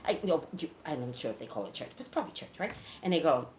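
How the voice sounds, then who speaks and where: A woman vlogger who talks straight to her viewers, chatting and telling stories in an animated way. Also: deep voice, very fast, echoey room, slight background noise. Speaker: psychic vlogger. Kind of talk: casual chat to camera.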